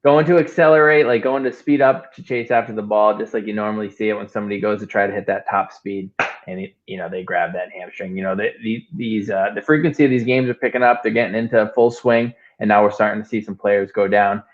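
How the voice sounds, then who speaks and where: A man's voice: fairly low pitch, steady tone, fast talker. A man hosting a casual sports chat, easygoing and hesitant, often trailing off. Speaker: show host. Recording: dull lo-fi audio.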